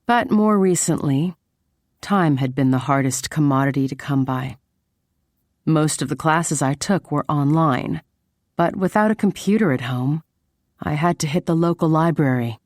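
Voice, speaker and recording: A woman giving intimate, measured first-person audiobook narration. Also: low-pitched, darkish tone, no room sound, studio quality.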